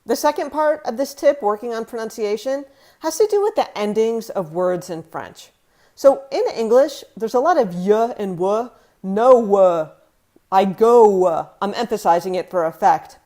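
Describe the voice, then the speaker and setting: American woman vlogger, clear emphatic teaching voice, sounds out french words. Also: medium pitch, a little mellow. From United States. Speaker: language vlogger. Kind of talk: scripted teaching vlog.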